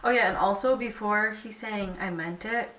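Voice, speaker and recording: A woman's voice: medium pitch, moderate pace, fairly bright tone. Young woman, chatty, giggly, lots of fillers, roomy echo, slight faint noise. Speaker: vlogger. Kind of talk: casual chat. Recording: echoey room, a bit far from mic.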